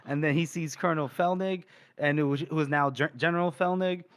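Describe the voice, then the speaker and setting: A man co-hosting a podcast, recapping a book in an animated, filler-heavy casual way. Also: on the high side, fairly quick, clear, resonant tone. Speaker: podcast co-host.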